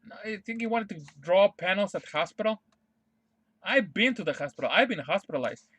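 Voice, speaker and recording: A man with a high, bright voice rants into a close mic, swearing freely and hammering the same point again and again. The sound is dry and direct, with no room around it. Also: lively intonation, fairly quick, slightly rough, dry recording. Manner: profane, emphatic, repeats himself. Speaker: streamer. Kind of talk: casual ranting monologue.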